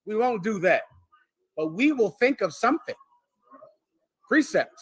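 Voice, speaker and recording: Teaching his congregation in a street-style preaching lecture, a leader jokes boldly and takes questions from the floor. His high voice is sing-song and unhurried, fairly bright yet husky.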